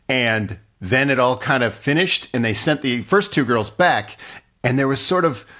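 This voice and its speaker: A man's voice: medium pitch, a bit bright. A man co-hosting a comedy podcast, telling stories in a dry, wry way. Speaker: podcast co-host. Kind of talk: casual comedic chat.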